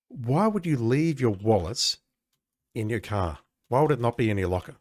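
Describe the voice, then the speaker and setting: A man's voice: medium pitch, darkish tone, no echo, studio quality. A man giving sarcastic, exasperated commentary while playing an old adventure game. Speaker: gamer playing a retro game. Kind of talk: let's play commentary.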